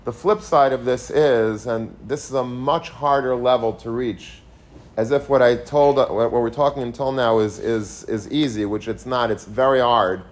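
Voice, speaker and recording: A man's voice: medium pitch, normal speed. Man giving a Torah lecture. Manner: storytelling with Yiddish and Hebrew terms, many restarts. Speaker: Torah teacher.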